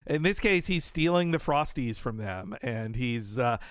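Podcast dude rambling casually, laughs a lot, clear voice, dry close mic. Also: male voice, mid-range voice, animated, measured pace, no room sound. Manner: chatty, laughs often, trails off in restarts. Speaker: podcast co-host. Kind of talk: casual chat.

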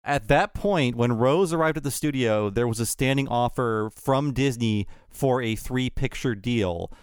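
A man's voice: mid-range voice, a little slow, clean tone, no room sound. A man co-hosting a podcast, recounting studio history in a casual, conversational way. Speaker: podcast co-host. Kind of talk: casual chat.

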